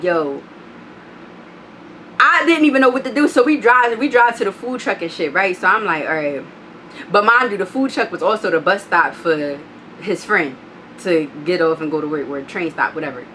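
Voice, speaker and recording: A young woman vlogger telling an animated, profane storytime, acting out what people said with big jumps in pitch. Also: slight background noise.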